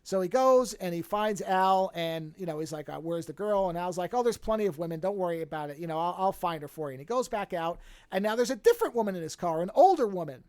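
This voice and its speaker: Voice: mid-range voice, fast talker, no room sound, studio quality. A podcast host in casual chat, retelling a film with plenty of swearing and acting out the characters' lines. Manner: profane, animated storytelling, acts out characters' lines.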